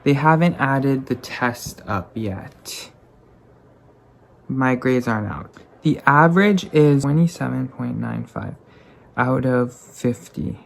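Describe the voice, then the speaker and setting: Rambling young man with a gravelly voice. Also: mid-range voice, slow pace. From Canada. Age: young adult. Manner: rambling, self-deprecating, easily excited. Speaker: student vlogger. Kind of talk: casual vlog talk to camera.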